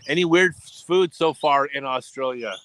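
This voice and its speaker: A man's voice: medium pitch, normal speed, a bit bright, slight background noise, poor audio. A middle-aged man chatting casually on a livestream, rambling and often restarting his sentences. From United States. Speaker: livestream host.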